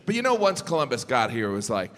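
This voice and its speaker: A man doing a stand-up comedy routine on a theater stage, deadpan, with mocking asides. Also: mid-range voice, quick pace. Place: large theater stage before a live audience. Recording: live hall reverb with audience noise. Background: audience laughter.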